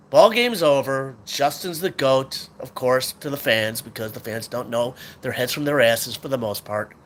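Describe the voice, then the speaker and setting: A man's voice: mid-range voice, moderate pace, few pauses, fairly bright tone. A man hosting a sports talk show, venting in an angry, swearing rant about his team. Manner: frustrated, swearing, ranting fan.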